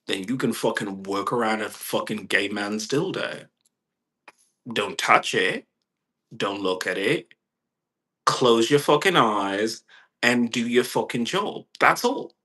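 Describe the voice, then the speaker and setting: A man's voice: fairly low pitch, sharp tone. A man vlogging an emphatic, profane rant, repeating himself and swearing often. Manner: emphatic, repetitive, heavy swearing. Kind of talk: profane ranting monologue.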